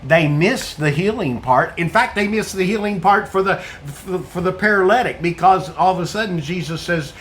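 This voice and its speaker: A man with a fairly high voice preaches an earnest sermon to viewers watching online. He comes back to his points and asks rhetorical questions as he builds his message. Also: animated, moderate pace, hardly any pauses, fairly bright tone, a little hiss or hum.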